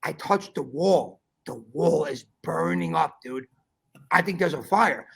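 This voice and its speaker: A man hosting a podcast, telling a story in animated casual chat, swearing often and calling his listener bro. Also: fairly high pitch, unhurried, gravelly, husky. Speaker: podcast host.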